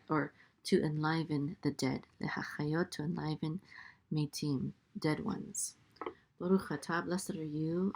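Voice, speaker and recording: Woman Hebrew teacher, slow and careful, low-pitched, halting delivery full of ums. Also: darkish tone. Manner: careful, hesitant, many ums, corrects herself. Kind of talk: prayer-book lesson, translating word by word.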